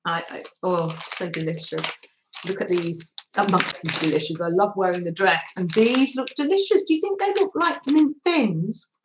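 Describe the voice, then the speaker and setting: A woman's voice: lowish voice, lively intonation, normal speed, reverberant, noisy background. A woman hosting a craft livestream, chatting casually and giggling as she reads out viewer comments on her phone. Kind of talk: casual live chat with viewers.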